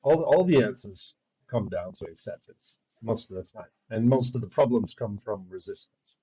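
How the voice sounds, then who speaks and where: A man hosting a podcast interview, speaking in a calm, reflective and measured way. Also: on the low side, breathy edge. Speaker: podcast host. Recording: dull lo-fi.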